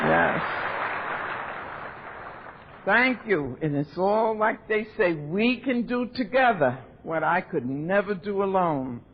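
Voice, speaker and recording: Older woman, lively storyteller at a convention podium; raspy, high-pitched, dull old tape with faint rumble. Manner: animated storyteller acting out voices. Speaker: AA speaker. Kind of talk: recovery talk at a convention.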